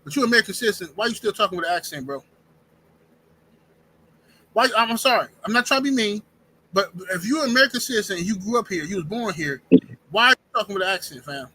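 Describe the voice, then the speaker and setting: On his show, a man with a high, bright voice rants quickly, pausing often, with a breathy edge on a rough recording. He's animated and emphatic, repeating words, restarting sentences and tossing out "bro" and "fam" in this casual, opinionated live-stream chat from a podcast host.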